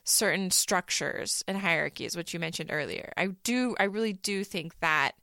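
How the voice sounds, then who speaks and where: A woman co-hosting a casual podcast, talking in an animated, sarcastic way and often mimicking the people she quotes. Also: lowish voice, normal speed, vocal fry, no room sound, studio quality. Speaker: podcast co-host.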